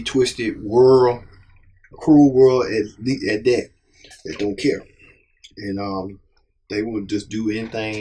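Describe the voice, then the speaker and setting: A male show host in casual commentary, halting and repeating his words. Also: lowish voice, darkish tone.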